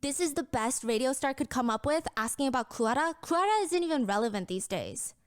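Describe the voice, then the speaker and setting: Female commentary host, slightly high, pointed and brisk, reads comments aloud. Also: lively intonation, clean tone. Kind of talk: storytelling commentary, reading out comments. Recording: played back inside a reaction video.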